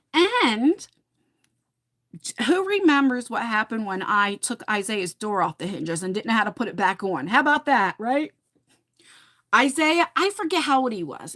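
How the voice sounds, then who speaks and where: A woman's voice: fairly high pitch, a bit bright. A middle-aged woman hosting a casual livestream, telling chatty stories and talking to viewers in her chat. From New Jersey. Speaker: livestream host.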